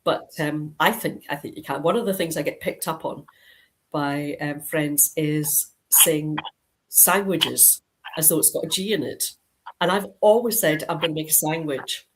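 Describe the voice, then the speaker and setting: A middle-aged Scottish woman with a low voice talks over a video call. She rambles casually, full of ums and restarts, with a faint hiss behind her. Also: measured pace. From Scotland (Dundee). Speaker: crime author, guest.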